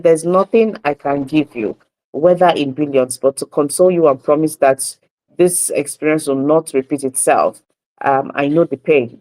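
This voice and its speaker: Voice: mid-range voice, a little mellow, low-quality recording. A radio host with a Nigerian accent, reading and discussing newspaper headlines on a morning show with frequent fillers and self-corrections. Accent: Nigerian English.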